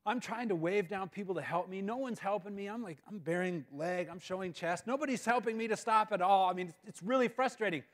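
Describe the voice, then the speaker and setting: A man giving a guest talk at a school, telling a funny personal story in an animated, self-mocking way. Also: high-pitched, a little fast, hardly any pauses. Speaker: guest speaker. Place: school auditorium. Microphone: live-stream mic.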